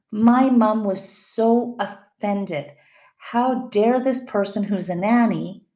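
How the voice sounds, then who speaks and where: A woman's voice: mid-range voice, darkish tone. A middle-aged woman giving a conversational classroom lecture and checking in with her students. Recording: echoey, dull lo-fi room recording.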